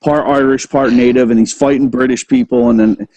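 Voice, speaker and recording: A man's voice: mid-range voice, steady tone, a little fast, dark tone, poor audio. A man hosting a casual chat, laid-back and saying "dude" and "man" a lot. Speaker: podcast host.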